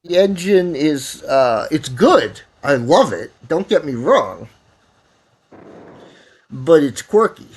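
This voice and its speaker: A man's voice: fairly high pitch, sing-song, slow pace, pauses often, husky. A man casually talking while programming on a livestream, rambling and correcting himself as he gives advice, sounding a bit tired. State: tired, yawning. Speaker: livestreaming game developer.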